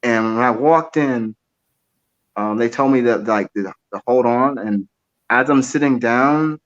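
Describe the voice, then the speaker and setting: Young male drummer, casual interview, animated storytelling, repeats himself, dull lo-fi sound. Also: mid-range voice, unhurried. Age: 20s. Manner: animated storyteller, repeats words, acts out quoted voices. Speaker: drummer and guest.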